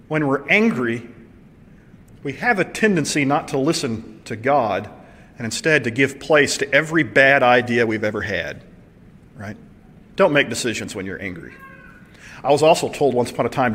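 A man's voice: a little high, normal speed. Preaching man in a reverberant hall. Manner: animated, conversational preaching with rhetorical questions. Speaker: pastor. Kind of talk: sermon.

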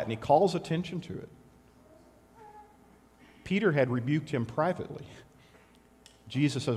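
Guy preaching a sermon, kinda high voice, chatty then suddenly booming, long echo from the hall. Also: moderate pace, pauses often. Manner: animated, conversational preaching with sudden loud bursts. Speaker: pastor.

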